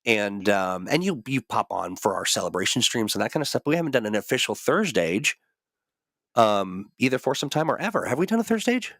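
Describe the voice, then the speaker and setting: A man's voice: on the low side, big pitch swings, brisk, a bit bright, no echo, studio quality. A man hosting a casual livestream chat, rambling with many fillers and restarts while getting over a cold. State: recovering from a cold. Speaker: host.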